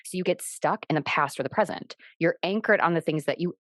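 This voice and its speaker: Brief: woman host in her thirties, low voice, reflective storyteller, dry close sound. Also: brisk, no room sound. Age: 30s. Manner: reflective, explains with personal stories. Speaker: podcast host. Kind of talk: casual conversation.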